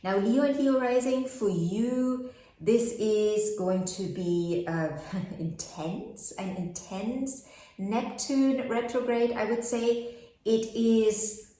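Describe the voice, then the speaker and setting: A woman's voice: a little high, takes it slowly, warm tone. A woman giving a casual astrology forecast, chatty and full of rhetorical questions. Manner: chatty, asks many rhetorical questions, laughs at herself. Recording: very echoey room.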